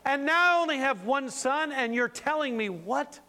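A man's voice: very high voice, animated, normal speed, sharp tone, in a large hall, pitched above the performer's own voice, heavily acted. A man voicing an aged biblical patriarch who urgently protests and pleads with God in disbelief. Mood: pleading protest.

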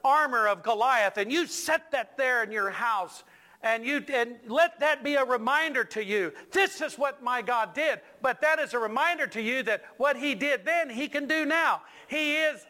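A man's voice: very high voice, measured pace, sharp tone. A male pastor preaching a sermon in a church, joking with the congregation and stressing lines with emphatic repetition.

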